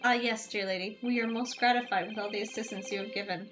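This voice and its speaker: A woman's voice: medium pitch, steady tone, quick pace, close to an everyday voice. A woman reading game dialogue aloud as a flustered male official, hesitant and fawning. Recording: game music behind.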